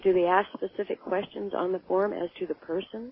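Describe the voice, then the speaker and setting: A woman calling in to a radio show with a hoarse morning voice, asking a hesitant, rambling question. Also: mid-range voice, steady tone, a little fast, few pauses. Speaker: caller. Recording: thin, dry phone line.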